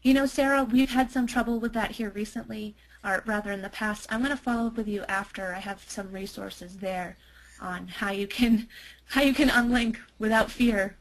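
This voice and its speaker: A woman's voice: mid-range voice, steady tone, normal speed, rough recording. A woman presenting a webinar product demo as a marketer, chatty, with many fillers and restarts.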